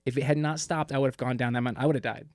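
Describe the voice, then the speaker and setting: A man co-hosting a podcast in casual chat, an animated storyteller who laughs often. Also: mid-range voice, rapid-fire, no echo, clean studio sound. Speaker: podcast co-host.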